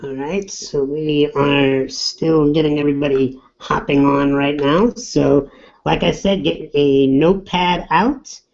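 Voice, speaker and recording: Male webinar host, middle-aged, easygoing and upbeat; slow, mellow delivery on dull lo-fi web audio. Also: mid-range voice. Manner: upbeat, chatty, reads out names. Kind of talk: casual webinar welcome.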